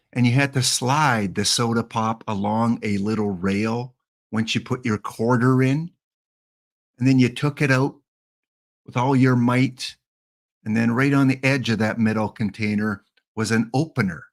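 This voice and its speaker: A Canadian man in his fifties, a game streamer chatting casually and jokily with his viewers. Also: medium pitch. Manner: rambling, jokey, talks to chat. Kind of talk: casual live-stream chat.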